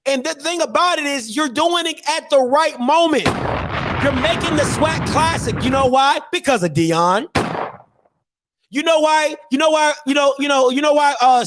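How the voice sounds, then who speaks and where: A man's voice: very high-pitched, moderate pace, background noise. A man hosting a podcast, giving an emphatic, opinionated rant in casual slang and firing off repeated rhetorical questions. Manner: casual slangy delivery with restarts. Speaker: podcast host.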